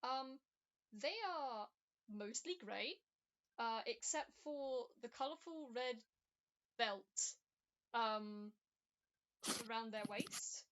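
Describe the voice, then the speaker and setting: A woman's voice: on the high side, slow pace, long pauses, fairly bright tone. A woman game master narrating a tabletop game, with many ums and uhs.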